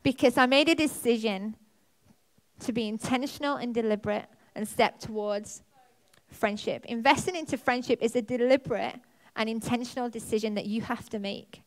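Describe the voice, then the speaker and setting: A woman pastor preaching a sermon in a church, telling a personal story in an animated way, her voice leaping up as she relives moments. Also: on the high side. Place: church auditorium.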